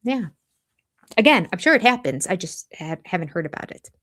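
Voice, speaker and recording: A slightly low-voiced older woman, who runs livestreams for a reality TV recap channel, talks with her viewers in a very animated, fairly bright, somewhat quick way. Her chatter is rambling and casual, with restarted sentences and quoted asides slipping in.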